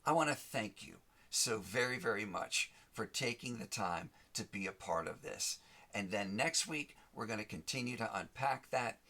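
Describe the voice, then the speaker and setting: A man's voice: lowish voice, sharp tone. A man hosting a motivational talk, speaking emphatically to the listener, repeating and rhyming his key phrases. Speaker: host of a motivational show.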